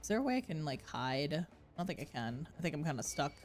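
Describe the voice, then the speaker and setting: A woman streamer playing an online game, reacting excitedly and commenting aloud. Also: sits low, fast, faint music behind.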